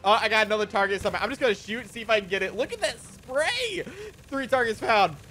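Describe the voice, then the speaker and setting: A man giving casual gameplay commentary, excitable, often swearing and laughing at surprises. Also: high-pitched, racing, slight background noise. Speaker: gaming YouTuber.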